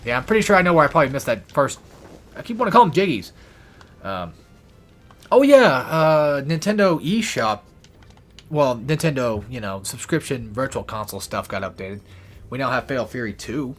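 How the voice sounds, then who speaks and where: A man's voice: medium pitch, sing-song, moderate pace, a little hiss or hum. A man doing casual, profane and rambling commentary over a video game, a little out of breath. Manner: rambling, profane, self-deprecating. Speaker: let's play gamer.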